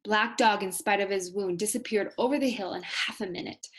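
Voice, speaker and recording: Woman teacher reading a novel aloud to students, explains vocabulary as she goes, husky tone. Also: medium pitch, brisk. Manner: explains hard words as she reads.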